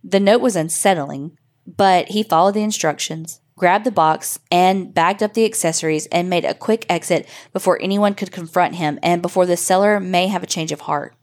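A woman hosting a podcast, reading a listener's horror story in steady, measured narration. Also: on the low side.

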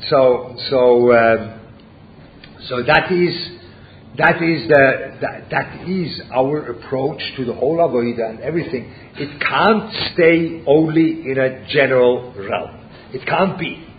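A man's voice: medium pitch, takes it slowly. A man teaching a Torah class, who asks rhetorical questions, repeats himself and mixes Yiddish and Hebrew terms into his English. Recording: muffled lo-fi recording with faint background noise.

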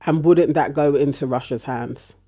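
A man's voice: fairly high pitch, normal speed, dark tone, breathy edge. A man co-hosting a casual podcast chat, talking reflectively and thinking aloud with hedges.

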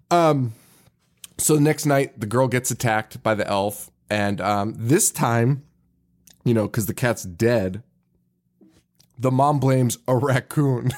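Laughing, animated male podcast host. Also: mid-range voice, slow pace, long pauses. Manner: laughs often, recaps scenes with mock quotes. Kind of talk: casual movie recap chat.

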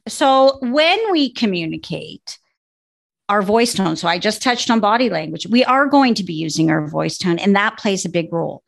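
Woman dog trainer, gravelly edge, steady explainer tone, podcast chat. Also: medium pitch, normal speed.

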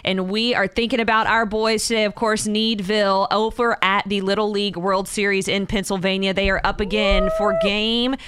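A woman's voice: mid-range voice, flat delivery, moderate pace, hardly any pauses, a bit bright, smooth. A woman hosting a morning radio show, chatty and upbeat. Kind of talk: radio chat.

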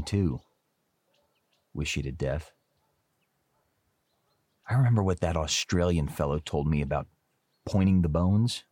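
Nervy cranky husband, middle-aged, very low voice, old radio drama. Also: male voice, darkish tone, breathy edge, no echo. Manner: tense, brooding, defensive. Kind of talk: old-time radio drama acting and narration.

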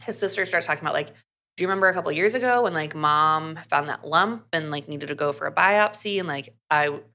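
A woman with a fairly low but bright, edged voice tells a book's story in loose conversation. She keeps slipping into quick acted lines for the characters between fillers. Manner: chatty, fast recap full of "like" and acted quotes. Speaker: podcast co-host. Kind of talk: casual book recap.

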